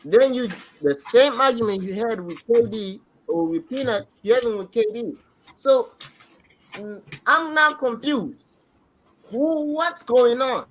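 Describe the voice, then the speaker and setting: A man on a podcast excitedly rambling through a show recap, restarting sentences as he goes. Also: extremely high pitch, a little slow, a little hiss or hum, poor audio. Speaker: podcast co-host. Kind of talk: casual reaction chat.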